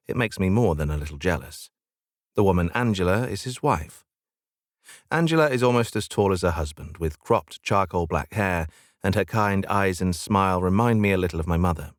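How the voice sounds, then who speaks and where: A man narrating a first-person audiobook in a steady, wry storytelling manner. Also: sits low, no room sound, clean studio sound.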